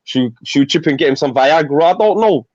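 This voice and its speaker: Fast-talking Somali-born man, muffled line. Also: a little high, animated, a little mellow, no room sound. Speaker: panel guest. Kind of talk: casual panel chat. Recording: muffled, lo-fi call audio.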